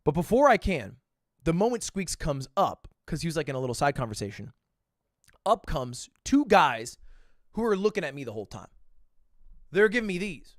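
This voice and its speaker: A man in his twenties telling a story on a livestream in an animated, profane, self-deprecating way. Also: a little high, normal speed, long pauses, no room sound, studio quality. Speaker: streamer.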